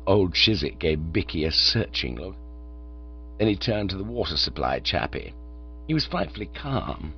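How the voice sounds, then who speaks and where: A man reading comic fiction aloud with a wry, expressive touch. His pitch moves freely through the narration. The recording sounds a bit dull and lo-fi, with a mains hum underneath. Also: normal speed, creaky, slightly rough. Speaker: audiobook reader.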